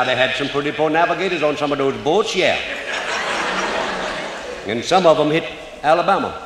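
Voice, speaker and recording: A man's voice: a little high, background noise. Older Cajun man telling folksy stories. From Louisiana. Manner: drawling folksy dialect with broken grammar. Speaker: storyteller. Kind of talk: live comedy storytelling. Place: stage before a live audience. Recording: roomy hall, faint audience ambience.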